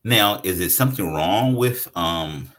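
A man preaching a sermon in a conversational way, reading scripture aloud and explaining it to his congregation. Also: a little slow. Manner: conversational preaching with lively swings in pitch. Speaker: pastor.

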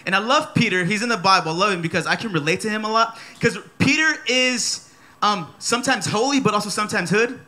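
At a church service, a preacher in his thirties delivers his sermon with energy and playfulness, returning again and again to his key phrases. He has a high voice and talks fast.

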